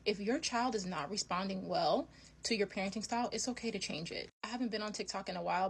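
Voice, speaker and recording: A woman's voice: mid-range voice, slightly rough. A mother giving firm, blunt opinions in a vlog.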